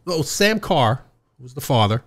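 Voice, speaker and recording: A man's voice: medium pitch, sing-song, unhurried. An older man, a father telling family stories in a casual podcast chat and acting out the quotes. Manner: storytelling, acts out quotes. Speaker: father and guest.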